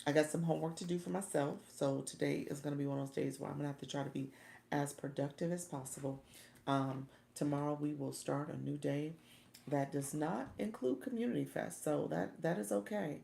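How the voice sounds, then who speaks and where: A woman's voice: low voice, brisk, vocal fry, dark tone, roomy sound, a little hiss or hum. A middle-aged woman from Florida, hosting a casual livestream from home, chatty and often laughing as she talks to her viewers. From Orlando, Florida. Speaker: livestream host and coach.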